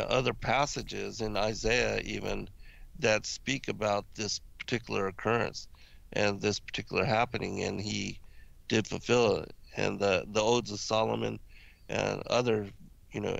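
A man discussing ancient religious texts in casual conversation, halting often with fillers and restarts. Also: on the low side, creaky, fairly bright tone, no room sound, highs cut off.

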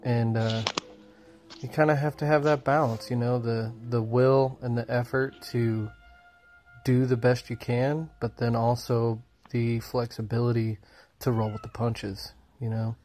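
Flat-voiced man leaving a message. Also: mid-range voice, measured pace, faint music behind.

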